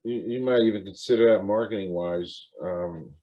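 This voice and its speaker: A man's voice: fairly low pitch, moderate pace. A man hosting an interview in casual chat, reacting with short enthusiastic words. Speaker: interview host. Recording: dull lo-fi audio.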